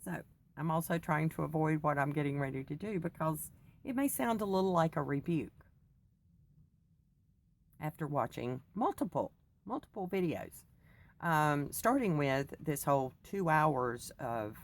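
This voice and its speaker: Her voice is deep and expressive, and she keeps a measured pace. She's a middle-aged faith vlogger running on coffee and not much sleep, drifting through a chatty, digressive personal ramble punctuated by frequent laughter.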